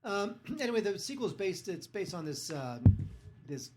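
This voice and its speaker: Guy hosting a movie podcast, kinda high voice, snarky, lots of ums. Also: big pitch swings, heavy background noise. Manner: sardonic, halting with many fillers. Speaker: podcast host, film reviewer. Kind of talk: casual chat, movie reviews.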